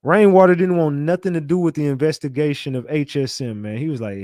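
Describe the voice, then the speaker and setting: A man hosting a call-in stream, talking bluntly with frequent swearing and thinking out loud. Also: fairly high pitch, quick pace, no room sound, studio quality. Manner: blunt, profane, thinks aloud. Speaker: show host. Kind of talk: casual live-stream talk with callers.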